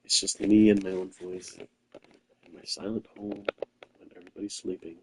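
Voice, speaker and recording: A young man talking quietly to himself while streaming a game late at night in his quiet home. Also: low-pitched, flat delivery, moderate pace, background noise. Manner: quiet, rambling, self-talking. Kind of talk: casual late-night gameplay stream chat. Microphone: controller or headset mic held close.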